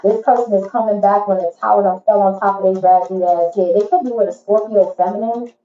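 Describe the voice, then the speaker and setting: A woman's voice: mid-range voice, fairly even intonation, fast, dark tone, reverberant, highs cut off. A woman giving a casual tarot reading to viewers, blunt, profane and preachy in an emphatic way. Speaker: tarot reader.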